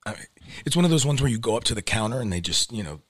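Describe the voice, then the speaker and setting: A man from New York City in casual chat, talking in a relaxed, rambling way. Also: medium pitch, racing, slightly rough, dry recording, studio quality.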